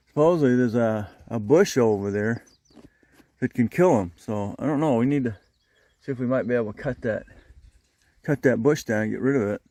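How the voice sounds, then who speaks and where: A man hosting a casual farm vlog outdoors, calmly explaining his chores to viewers while filming on a handheld action camera. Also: medium pitch, no room sound. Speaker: vlog host. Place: outdoors in a goat yard and barn.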